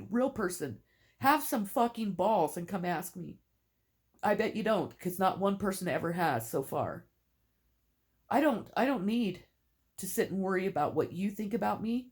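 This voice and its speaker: A woman's voice: mid-range voice, a little mellow. A middle-aged mother speaking emotionally to camera, tearful and defiant, swearing in anger.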